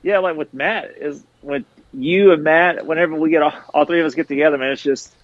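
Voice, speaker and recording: A man's voice: on the high side, fairly quick, no echo. A middle-aged man, a former tour manager, chatting casually on a podcast in a rambling, laid-back way. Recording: slightly dull lo-fi audio.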